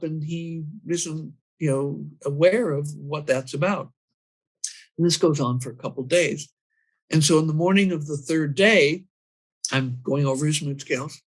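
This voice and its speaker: A man's voice: a little high, fairly bright tone. A man explaining his training method and telling a story about a client, acting out his own lines as he goes.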